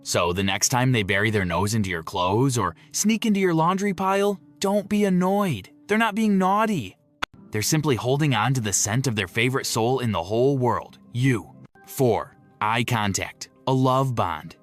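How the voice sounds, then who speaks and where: A man giving a scripted narration in a slow, emotive delivery with dramatic pauses. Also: lowish voice, animated. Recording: soft music beneath the voice.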